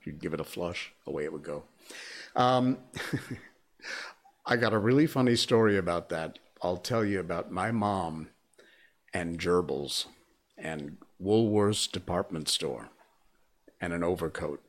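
A man's voice: low voice, measured pace, long pauses. Rambling, chuckling man streaming from home. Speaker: live streamer. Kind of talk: casual chat to a live stream audience. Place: home desk with a squeaky chair. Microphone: desk microphone.

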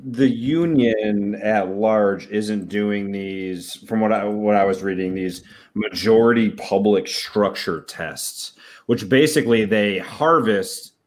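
A man with a slightly low voice joins a casual podcast chat. He gets heated and emphatic, punching his points with profanity.

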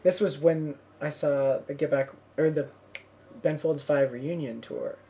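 A young woman hosts a casual podcast chat in a low, steady, dark voice at a measured pace, with a slight hiss or hum on the recording. She tells meandering stories packed with fillers and "like."

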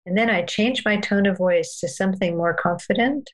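A woman guest telling parenting stories in a calm, earnest, unhurried way during a podcast conversation. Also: medium pitch, poor audio.

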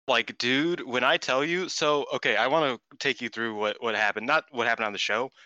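A man co-hosting a casual podcast chat, excitable and profane, talking with lots of restarts and fillers. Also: mid-range voice, brisk, dry recording, muffled recording. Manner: excitable, swears freely, many restarts. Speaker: podcast co-host.

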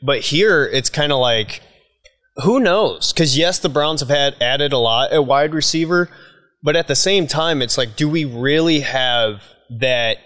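A man's voice: on the high side, lively intonation, a little slow, fairly bright tone. A man talking as a guest on a sports podcast in a studio, laying out his argument at length in casual chat. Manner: makes his case at length, persuasive.

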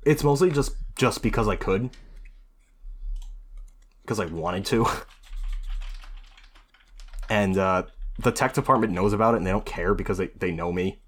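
A man's voice: lowish voice, measured pace, long pauses. A man telling rambling stories in a casual podcast chat, swearing freely. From United States. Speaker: podcast co-host.

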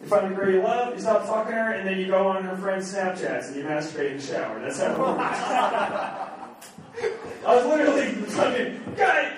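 A man's voice: high-pitched, expressive, fairly quick, recorded from a distance, noisy background. A man from New England performing a crude standup comedy set and bantering with hecklers on a club stage. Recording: echoey club recorded from afar with crowd. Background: audience laughter and heckling.

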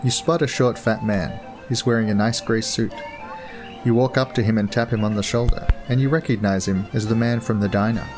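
A man calmly narrating a second-person story. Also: lowish voice, brisk, music in the background.

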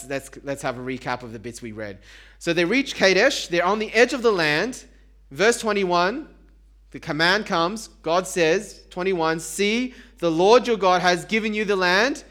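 A man's voice: a little high, a bit bright. A man preaching a sermon in a conversational way, asking the congregation rhetorical questions and joking about himself. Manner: self-deprecating humor.

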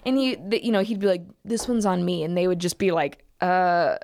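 A woman's voice: lowish voice, fast, noisy background. A young woman co-hosting a podcast, telling a workplace story in casual chat with lots of fillers and acted quotes. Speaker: podcast co-host.

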